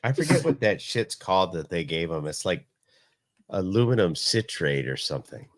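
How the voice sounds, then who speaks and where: A man's voice: sits low, sing-song, moderate pace, dry recording. A man co-hosting a podcast, chiming in with dry, wry comments and some swearing. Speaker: podcast co-host. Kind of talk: casual episode discussion.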